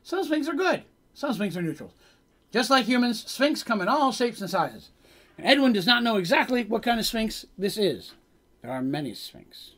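A man's voice: sits high, a bit bright, slightly rough. A man as game master, casually recapping his tabletop game on a stream, rambling a bit and laughing as he goes.

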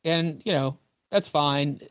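A man's voice: on the high side, takes it slowly, fairly bright tone, smooth, no echo. A man hosting a podcast, chatting casually as he recaps a comic and briefly acts out the characters' lines. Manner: retells comic scenes, acting out lines in passing. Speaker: podcast host. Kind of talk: casual chat.

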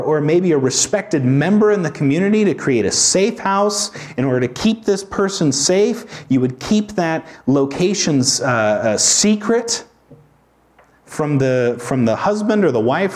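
A man's voice: a little high, darkish tone. A man preaching an expository sermon as a pastor, talking in a conversational way with informal asides.

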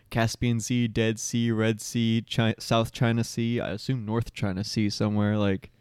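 A man's voice: on the low side, little pitch movement, a little slow, a little mellow, clear, resonant tone, no echo. A young man co-hosting a podcast, joking around, playfully stubborn and laughing often. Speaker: podcast co-host. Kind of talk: casual chat.

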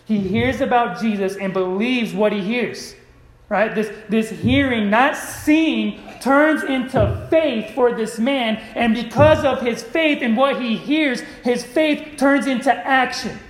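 A man's voice: extremely high pitch, slow, reverberant, low-quality recording. A man preaching a sermon, calling out to his congregation. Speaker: pastor.

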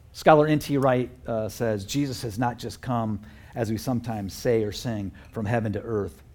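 Male pastor, husky timbre, earnest conversational sermon delivery. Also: mid-range voice, a little mellow. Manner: conversational, earnest, with fillers and chuckles.

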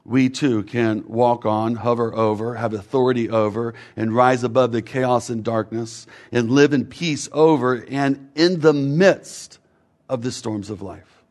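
A man preaching a sermon in a measured way, building rhythmic lists whose last words fall away. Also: medium pitch, darkish tone.

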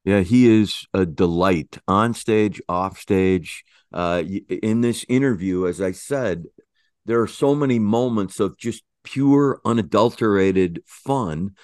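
A man's voice: lowish voice, slow, darkish tone, no echo, studio quality. A man co-hosting a podcast, talking in a musing, hesitant way with many fillers. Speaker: podcast co-host. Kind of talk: conversational chat.

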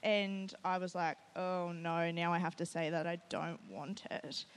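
Woman, church testimony speaker, animated, self-quoting storyteller. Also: fairly low pitch, measured pace, clear, resonant tone. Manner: animated storytelling, often quoting herself with "I was like"; nervous and laughing at times. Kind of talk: personal testimony to a live group.

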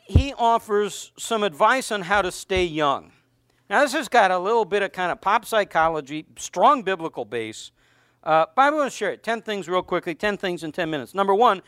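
High-voiced man preaching a casual sermon. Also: a bit bright, smooth, dry recording, studio quality. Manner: conversational, joking, with stammered restarts. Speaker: pastor.

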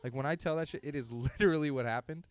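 A man's voice: fairly high pitch, fast. A young man, a comedian guest on a casual podcast, talks candidly and rambles with hesitant restarts. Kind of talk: casual chat.

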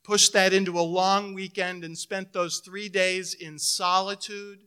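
A middle-aged man preaching a sermon as pastor, telling a personal story and swinging between loud emphasis and hushed, intimate moments. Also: high voice, little pitch movement, measured pace, clear, resonant tone.

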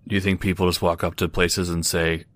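Man playing a curt, cash-strapped little drifter; deep low voice, dry close sound, terse delivery. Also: level tone, fairly quick, fairly bright tone, no room sound. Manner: blunt, gruff, curt. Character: short, broke, grumpy adult man. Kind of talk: improvised tabletop role-play.

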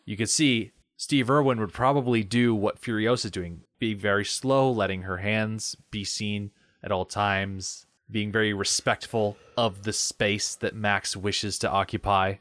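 A man co-hosting a podcast, chatting casually about a movie with wry, lively storytelling and tangents. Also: lowish voice, unhurried, hardly any pauses, no echo. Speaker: podcast co-host.

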